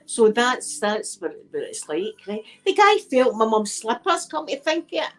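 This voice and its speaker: Soft-spoken Scottish woman chatting. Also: a little high, big pitch swings, normal speed, rough recording. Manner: rambling storytelling with local words like aye and wee. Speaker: ASMR channel host. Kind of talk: soft-spoken ASMR chat.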